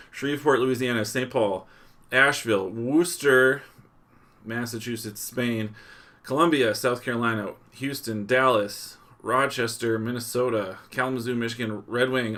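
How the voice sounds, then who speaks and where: A man's voice: medium pitch, a bit bright. A man hosting a live news stream, chatting casually and reading out where viewers are watching from. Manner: chuckles often, loose restarts. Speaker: livestream host.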